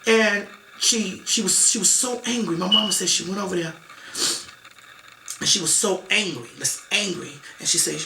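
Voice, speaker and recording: Woman guest, emphatic and emotional storyteller, sharp bright tone, faint background hiss. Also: mid-range voice, normal speed, creaky. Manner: emotional, repetitive, emphatic, acts out quoted relatives. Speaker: interview guest. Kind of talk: emotional personal storytelling in an interview. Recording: echoey room.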